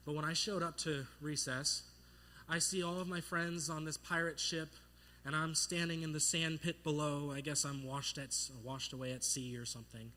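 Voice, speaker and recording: Bright, animated young male pastor. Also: fairly high pitch, normal speed. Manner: animated, playful, acts out voices in his stories. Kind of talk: sermon with storytelling.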